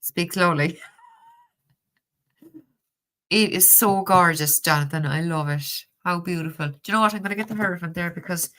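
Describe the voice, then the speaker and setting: Lively Cork Irish woman, bright voice. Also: on the low side, moderate pace, long pauses. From Ireland. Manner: chatty, laughs often, swears casually. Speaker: tarot deck reviewer reading live chat. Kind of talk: casual live-stream chat.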